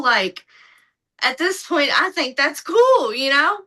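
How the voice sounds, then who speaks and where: A woman's voice: high-pitched, slow pace, poor audio. A woman guest on a podcast telling stories casually and animatedly, acting out what other people said. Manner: lively, acts out other people's lines in her retelling. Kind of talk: casual storytelling.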